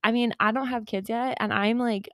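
A woman co-hosting a podcast, talking casually and quickly with lots of fillers. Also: on the high side, steady tone, a bit bright, dry recording, studio quality. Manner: chatty, quick, frequent fillers. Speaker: podcast co-host. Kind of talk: casual chat.

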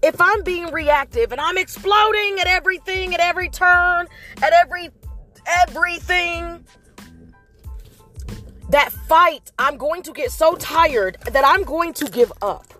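A woman's voice: extremely high pitch, a little slow, pushed and bright, soft background music. A woman hosting a motivational vlog, giving an earnest, faith-based pep talk that repeats its points to encourage listeners.

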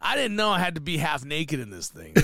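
Animated, profane man telling a comedy story. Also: high-pitched, creaky, no echo. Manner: profane, animated, acts out quoted voices. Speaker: podcast co-host.

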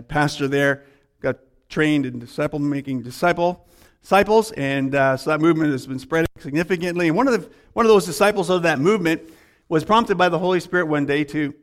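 A man preaching a sermon as a pastor, telling a story and acting out its dialogue with swings in pitch and pace.

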